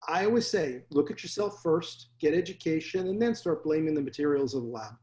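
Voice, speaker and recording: A man's voice: a little high, a little fast. A man, a dentist, telling blunt stories from his practice in a casual interview. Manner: blunt, animated storyteller. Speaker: dentist guest.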